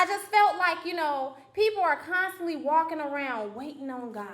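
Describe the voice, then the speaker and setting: A woman's voice: sits high, normal speed, hardly any pauses. A young woman giving a conversational, personal sermon in a church, telling stories with frequent restarts and asides. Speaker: guest preacher. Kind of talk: testimony-style sermon. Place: church sanctuary. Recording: echoey church sanctuary.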